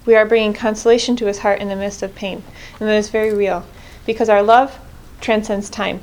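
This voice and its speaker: A woman's voice: medium pitch, steady tone, brisk, a little mellow. A woman leading a group prayer reflection in an earnest way, often restarting and correcting herself mid-sentence. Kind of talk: spoken reflection on scripture.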